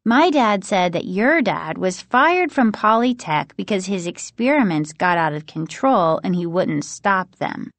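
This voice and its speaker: A woman's voice: mid-range voice, lively intonation, a little slow, few pauses, dry recording. Woman doing a blunt, gossipy preteen girl. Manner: blunt, confiding.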